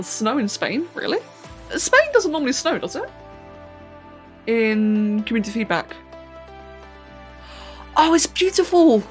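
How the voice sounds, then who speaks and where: A woman from London with an English accent, chatting casually on a live stream while she works on a 3D model, laughing often and tripping over her words. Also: fairly high pitch. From London, England. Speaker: streamer and 3D artist.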